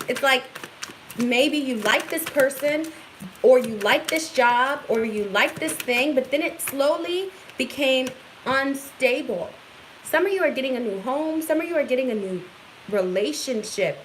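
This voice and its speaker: Woman tarot reader, fairly high voice, upbeat and affirming, noisy home recording. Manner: excitable, affirming, addresses viewers directly. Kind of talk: casual tarot reading to camera.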